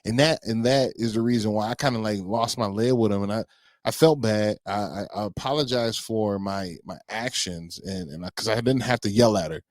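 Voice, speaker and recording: A man's voice: on the low side, normal speed, dry recording, studio quality. A man co-hosting a podcast in easygoing casual chat, telling stories and asking his co-host questions.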